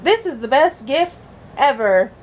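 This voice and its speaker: A woman's voice: high-pitched, sing-song, unhurried, a little hiss or hum. A woman reading a storybook aloud and voicing an eager young male rabbit with a slightly Southern US accent. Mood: delighted.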